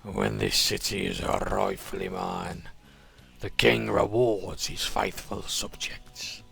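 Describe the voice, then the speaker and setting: A man voicing a menacing male crime boss who calls himself a king, with a Dudley accent and slow, swaggering threats. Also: lowish voice, vocal fry, pushed and bright, soft background music, heavily acted.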